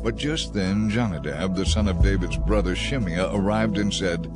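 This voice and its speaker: A man reading a scripted story aloud in a steady, measured storytelling manner. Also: low voice. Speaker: narrator. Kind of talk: scripted audiobook narration. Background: background music.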